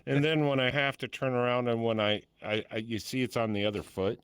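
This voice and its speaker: A man's voice: medium pitch, steady tone, brisk, fairly bright tone, clear, resonant tone, dry recording. Blunt older man who swears freely. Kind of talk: casual podcast chat.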